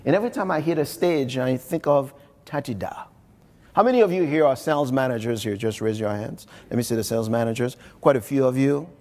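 Speaking briskly in a mid-range, somewhat dark voice, this man from Haiti gives a live motivational keynote with real emphasis. He repeats phrases and talks straight to the crowd filling a large conference hall, and long reverb from the room hangs on every word.

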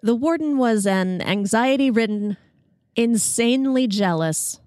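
A woman's voice: a little high, lively intonation, measured pace, a little mellow, no echo, studio quality. Wry self-mocking woman storyteller. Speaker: podcast host. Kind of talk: comic personal storytelling.

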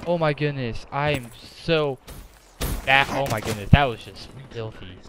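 A man giving casual gameplay commentary in an excitable way, breaking into exasperated outbursts. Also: mid-range voice, normal speed, noisy background. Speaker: gaming commentator. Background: game music and sounds.

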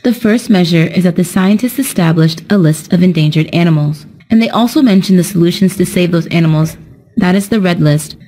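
A young woman narrates a scripted English lesson as a teacher. She speaks slowly and carefully and explains each point. Her voice is mellow and a little low.

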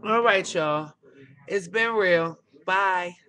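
A woman's voice: lowish voice, slow pace, a bit bright. Doting woman cooing to her pet. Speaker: pet owner showing off her pet. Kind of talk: casual webcam vlog. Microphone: webcam. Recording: TV chatter in background.

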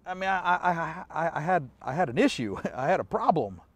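A man's voice: fairly high pitch, sing-song, a little fast, dry recording. A man pastor giving an online church sermon in a conversational way, asking the listener questions and chuckling often.

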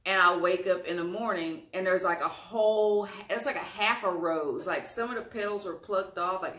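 A woman tells a personal story to her camera in a loose, conversational ramble. Her voice is bright and forward, with colloquial phrasing and repeated lines. The room around her is echoey. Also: fairly low pitch. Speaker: storytime vlogger. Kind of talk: casual storytelling.

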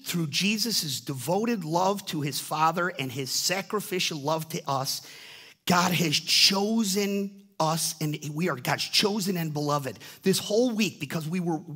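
A pastor in his fifties delivers a sermon with real fervor, often restarting and repeating himself. His voice is high and husky. He slips into the voices of the people in his stories as he preaches. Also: fairly bright tone. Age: 50s. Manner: impassioned, acts out voices in dialogue, repeats words.

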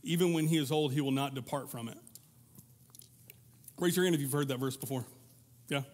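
A man's voice: mid-range voice, brisk, darkish tone. A man preaching a sermon at a church in a conversational way, slipping into quoted voices to act out examples. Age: adult parent. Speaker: pastor.

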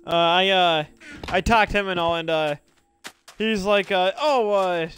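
Young guy streaming games, high voice, rambly and excited, lots of uh and laughing. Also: a little slow, a little hiss or hum. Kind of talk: casual gaming chat.

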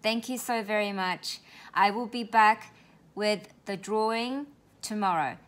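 A woman's voice: mid-range voice, unhurried, a bit bright. A woman craft vlogger who lives in Australia, opening crafty mail and gushing about it in a casual way, often repeating words for emphasis.

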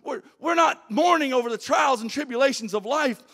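Man, pastor, very high voice, preaching sermon, hushed then shouting. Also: a little fast, breathy edge. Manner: preaching, swings from low hushed lines to shouted exhortation.

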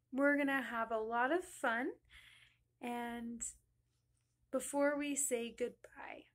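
A woman with a high voice talks very slowly and deliberately to a class of young children. Her sing-song, encouraging delivery lands hard on each greeting as she reads a picture book aloud. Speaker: elementary school teacher.

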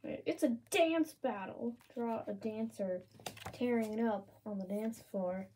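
A woman's voice: a little high, slow, a little hiss or hum. A woman casually narrating her doodles in a playful, chatty way. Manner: playful, chatty, reads prompts in lively voices. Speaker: art channel creator. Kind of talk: casual drawing commentary.

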